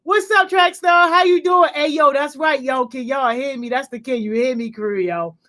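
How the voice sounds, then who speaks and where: A young adult woman hosting a youth livestream, greeting viewers with playful shouts and slang. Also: high-pitched, moderate pace.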